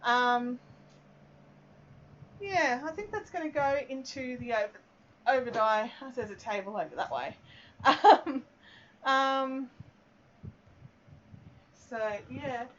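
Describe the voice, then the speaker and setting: A woman's voice: high voice, expressive, slow pace, long pauses, a bit bright, highs cut off. An Australian woman hosting a casual live craft stream, rambling as she works and reads out viewer comments. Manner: chatty and rambling, reading out viewer comments, many "um"s. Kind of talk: casual live-stream chat while working.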